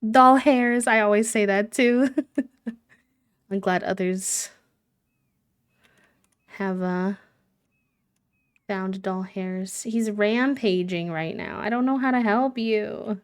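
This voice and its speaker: A woman's voice: medium pitch, takes it slowly, pauses often, clean tone. A woman live-streaming a game, chatting casually, giggling and cooing fondly at the characters. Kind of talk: casual chat while playing a life-sim game.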